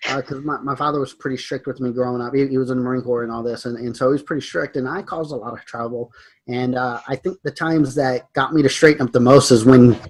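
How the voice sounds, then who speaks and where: A man's voice: mid-range voice, a little hiss or hum, poor audio. A middle-aged man, a podcast co-host, telling family stories in casual chat and chuckling often.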